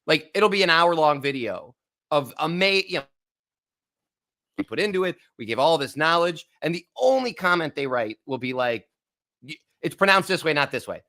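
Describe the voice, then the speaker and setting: A man's voice: fairly high pitch, very animated, moderate pace, bright, forceful tone. A man from the United States hosting a wine podcast, talking in an earnest, reflective, casual way and laughing easily. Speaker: wine channel host.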